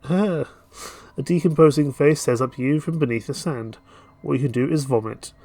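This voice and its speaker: Gravelly man reading a game aloud. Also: mid-range voice, moderate pace, warm tone, dry recording. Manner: playful, jokey asides between narration. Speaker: streamer.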